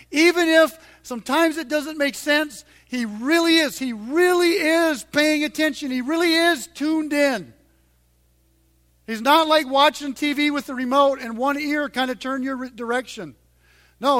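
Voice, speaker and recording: A male pastor preaching a sermon to his congregation in church, earnest and emphatic, growing louder on the points he stresses. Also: extremely high pitch.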